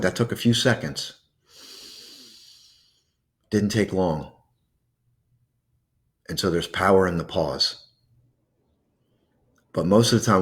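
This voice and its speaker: A man hosting a video, guiding listeners through a calming breathing exercise in a gentle, coaxing way with soft pauses. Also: deep voice. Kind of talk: guided breathing meditation.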